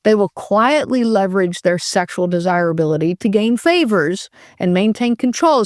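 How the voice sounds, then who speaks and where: Brief: female podcast host, mid-pitched, chatty explainer, dry close recording. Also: dry recording. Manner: conversational, with frequent fillers and restarts.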